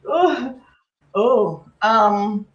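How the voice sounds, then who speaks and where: A woman guest chats in a casual interview, laughing easily and turning earnest when she gives advice. Her voice is a little high. Her audio is roomy and dull. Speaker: guest YouTuber.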